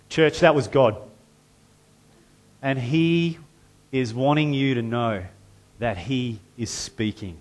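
A male pastor preaching a sermon, moving between conversational explanation and loud, forceful reading of scripture. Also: mid-range voice, slow pace, long pauses. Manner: reads scripture loudly and forcefully, then drops to a conversational tone.

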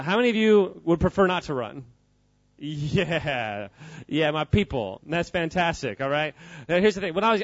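A man's voice: on the high side, no echo, muffled recording. A man giving an informal, joking talk to a live audience, quizzing the crowd as he goes. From United States. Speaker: speaker at a church gathering.

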